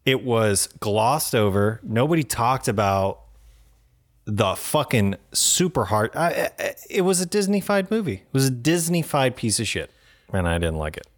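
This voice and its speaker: A man's voice: mid-range voice, measured pace. A married man co-hosting a casual podcast chat, ranting bluntly and swearing freely. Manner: blunt, profane, animated rants. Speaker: podcast co-host.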